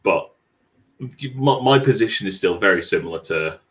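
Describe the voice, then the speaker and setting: A man with a very low, deep voice talks football with a friend in a loose podcast chat. He stops and restarts often and slips in dry jokes. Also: animated, a bit bright. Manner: halting, repeats words, dry jokes. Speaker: podcast co-host.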